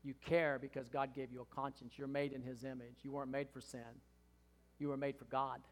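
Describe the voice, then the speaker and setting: A man's voice: mid-range voice, little pitch movement, brisk. A man in his sixties preaching a sermon to his congregation, earnest and emphatic, rising to impassioned pleading. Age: 60s. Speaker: pastor. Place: church hall. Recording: long hall reverb.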